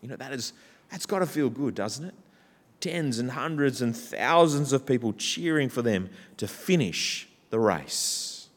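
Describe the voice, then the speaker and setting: A man's voice: mid-range voice, lively intonation, unhurried. Male preacher, rousing sermon delivery, long church reverb. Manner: builds from quiet to loud, rousing.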